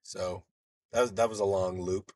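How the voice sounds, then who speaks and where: A man's voice: low voice, fairly even intonation, moderate pace, darkish tone, a little hiss or hum. A man from Los Angeles, a screenwriter and producer, guesting on a podcast and telling rambling, profanity-laced stories in casual conversation. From Los Angeles, United States. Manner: rambling anecdotal storyteller who swears freely.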